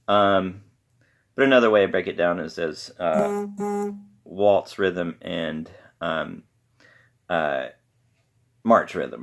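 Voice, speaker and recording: A man with a very low voice talks through his subject in a loose, rambling way. He hesitates often and fills his pauses with ums. He keeps adding modest, self-deprecating asides. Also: fairly bright tone. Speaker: podcast host. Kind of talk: casual rambling lecture.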